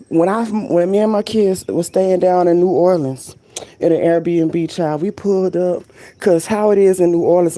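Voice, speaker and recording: A middle-aged woman from Florida, chatting casually at home on her vlog and drifting into animated stories and tangents. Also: medium pitch. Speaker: vlog host. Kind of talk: casual rambling chat.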